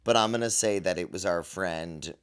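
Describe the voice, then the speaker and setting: A man co-hosting a casual podcast chat, playful and animated, with frequent stammered restarts. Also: low voice, normal speed, clear, resonant tone. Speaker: podcast co-host.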